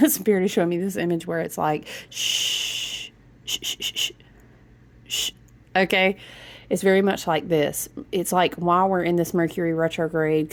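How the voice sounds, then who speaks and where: Chatty woman with a gravelly edge. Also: lowish voice. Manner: chatty, animated, breaks into humming and hushing; rambling, self-interrupting, says y'all. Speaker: spiritual reader. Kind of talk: casual spiritual reading.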